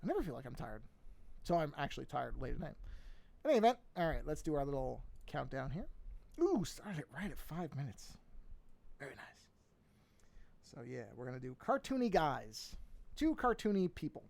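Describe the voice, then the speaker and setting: Man, fairly high voice, rambling livestream art lesson, desk mic. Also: big pitch swings, moderate pace, gravelly, pauses often, a little mellow. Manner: rambling, restarts and trails off, thinks aloud. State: yawning, a bit sleepy. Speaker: art teacher streaming a drawing lesson. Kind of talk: casual drawing livestream.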